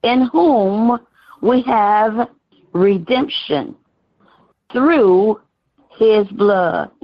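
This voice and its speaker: A woman reading scripture aloud in church, slow and drawn out, word by word. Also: mid-range voice, lively intonation, highs cut off. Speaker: scripture reader.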